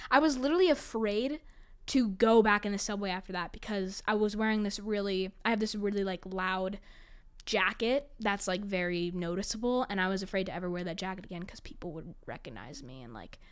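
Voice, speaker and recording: Young new york girl rambling thru stories, laughs a lot, says like constantly, smooth clear voice. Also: medium pitch, fairly bright tone. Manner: chatty, dramatic, laughs often, many "like" fillers. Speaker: storyteller. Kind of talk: casual storytelling monologue.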